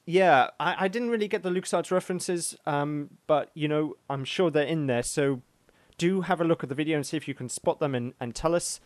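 Male podcast co-host, raised pitch, deadpan humour, dry close sound. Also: fairly quick, no room sound. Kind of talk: casual chat.

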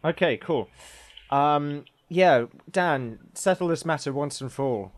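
Higher-voiced joking male podcast host. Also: unhurried. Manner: joking, animated, stumbling restarts. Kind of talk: casual podcast chat.

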